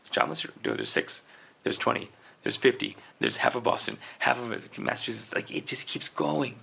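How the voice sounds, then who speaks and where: A man's voice: mid-range voice, huge pitch swings, brisk, vocal fry, bright, forceful tone, slightly rough. A man co-hosting a comedy podcast, rambling through stories in casual chat and calling people "dude" and "man". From Canada. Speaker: podcast co-host. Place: indoors, podcast recording.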